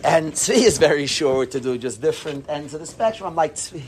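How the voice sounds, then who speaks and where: Animated man telling a funny story. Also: on the high side, brisk, slight background noise. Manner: animated, self-deprecating, peppered with "like". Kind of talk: humorous personal anecdote told to a group.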